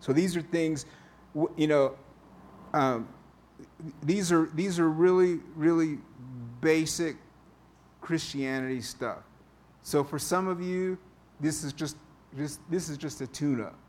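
A man's voice: a little high, takes it slowly, long pauses, darkish tone. A male pastor giving a conversational sermon in a church, repeating key phrases for emphasis. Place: church sanctuary.

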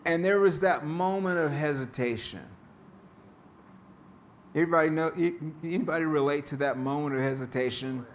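A man preaching a sermon, reading scripture and telling jokes in a slow, deliberate way. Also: on the high side, a little hiss or hum. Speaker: pastor.

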